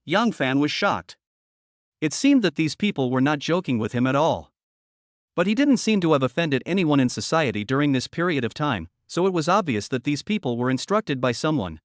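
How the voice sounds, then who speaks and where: Casting: male storyteller, fairly high voice that swings a lot, dry close recording. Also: dry recording. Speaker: narrator. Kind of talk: scripted audio novel narration.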